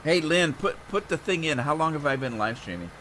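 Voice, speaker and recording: On the high side and animated, this middle-aged American's voice is brisk, bright and forceful as he plays a farming game live. He rambles easily and talks to viewers by name, over a little hiss or hum.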